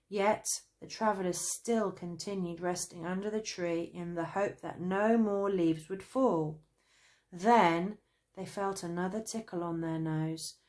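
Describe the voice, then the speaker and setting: A woman with a British accent narrating a children's story, gentle and even. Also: lowish voice. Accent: British English. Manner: slow, gentle, lively voices.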